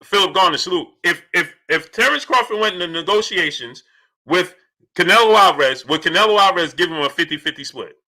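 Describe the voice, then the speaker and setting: Male streamer, high and bright, who keeps repeating rhetorical questions and greets the viewers in the chat by name. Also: lively intonation, fairly quick. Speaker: boxing channel host. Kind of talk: livestream commentary, reading chat.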